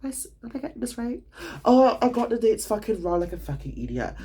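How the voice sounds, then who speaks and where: Gravelly young man telling a dramatic storytime. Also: sits high, fast. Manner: animated, dramatic retelling with lots of swearing. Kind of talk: casual storytime vlog.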